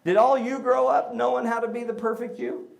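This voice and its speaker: A middle-aged man giving a humorous storytelling talk about parenting to an audience, comic and animated, breaking into shouted bursts. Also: extremely high pitch, brisk, vocal fry.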